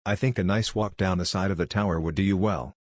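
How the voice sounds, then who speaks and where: A man voicing a calm, teasing male cat god with a scratchy voice in a read-aloud story. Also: low-pitched, quick pace, no room sound, clean studio sound.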